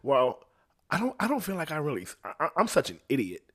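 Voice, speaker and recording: A man's voice: fairly high pitch, wildly swooping pitch, a little fast, a bit bright. A man hosting his own podcast, talking casually in a rambling, profane way and laughing at his own jokes. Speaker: podcast host. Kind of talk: casual solo podcast rant.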